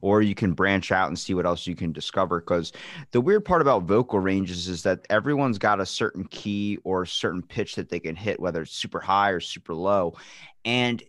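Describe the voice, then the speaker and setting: Rambling low-voiced podcast host, man. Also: lively intonation, normal speed, a bit bright, no room sound, clean studio sound. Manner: rambling, tangent-prone, swears freely. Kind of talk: casual chat.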